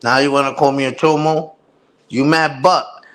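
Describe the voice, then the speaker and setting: A man's voice: medium pitch, steady tone, normal speed, a bit bright. A man hosting a live stream, ranting heatedly with profane street slang. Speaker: livestream host. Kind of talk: casual livestream rant.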